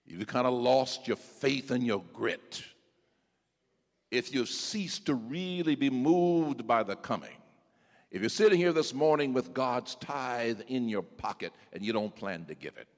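A male pastor preaching a sermon in a church. He calls out to members of the congregation by name and breaks into shouts. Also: medium pitch, expressive, moderate pace. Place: church sanctuary. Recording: echoey church sanctuary.

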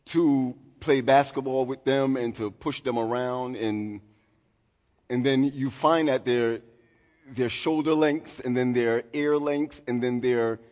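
A man's voice: medium pitch, a little mellow. A man in his forties preaching a sermon as a pastor, chatty and self-deprecating, with many restarts. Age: 40s. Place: church sanctuary. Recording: long hall reverb.

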